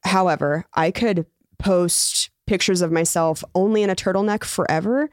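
Female comedian guest, low voice, animated storyteller, dry studio sound. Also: normal speed, dry recording. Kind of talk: casual chat.

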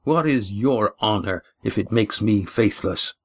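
A man's voice: fairly low pitch, a little slow. A man voicing a defiant, impatient young man in an audiobook, speaking earnestly and insistently.

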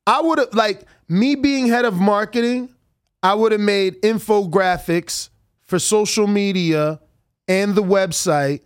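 A man co-hosting a casual boxing talk show, chatting in an animated, conversational way. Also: sits high, dry recording, clean studio sound. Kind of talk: casual sports chat.

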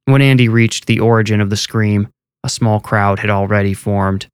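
A man narrating a horror audiobook in a steady, measured delivery. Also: on the low side, clear, resonant tone, no room sound.

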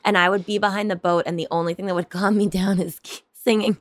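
A young adult woman, an actor and stand-up comedian, chatting in an interview in a rambling way, full of fillers and quick laughs. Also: medium pitch, fairly even intonation, no room sound, clean studio sound. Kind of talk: casual interview chat.

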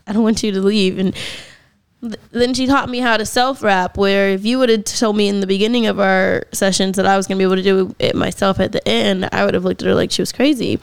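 Young female co-host, chatty storyteller, smooth crisp voice, dry close sound. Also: mid-range voice, no echo. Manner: animated storyteller, acts out her own past lines. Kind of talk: casual chat.

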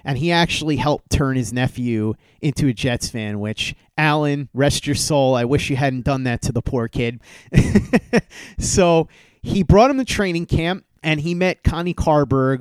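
A man hosting a podcast, telling a fond story about a late friend and acting out their back-and-forth in lively quoted dialogue. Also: mid-range voice, moderate pace, clean tone, no room sound. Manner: animated storyteller who acts out quoted dialogue. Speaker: podcast host. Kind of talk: casual storytelling tribute.

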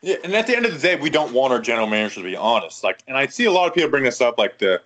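A man co-hosting a casual sports podcast, talking in lively, quick bursts. His voice sits at a middle pitch. He keeps cutting in with "like" as he builds his argument. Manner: animated, talks in quick bursts with lots of "like". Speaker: podcast co-host.

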